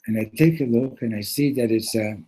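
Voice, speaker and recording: A man at a yeshiva gathering retelling a Hasidic story in a heartfelt, animated way, mixing in Yiddish and Hebrew words. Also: mid-range voice, brisk, rough recording.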